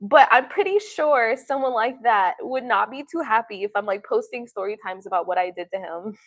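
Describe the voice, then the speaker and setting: A woman's voice: on the high side, moderate pace, no echo. A woman hosting a livestream, telling stories in a blunt, profane, casual way and often laughing. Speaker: tarot reader and livestream host.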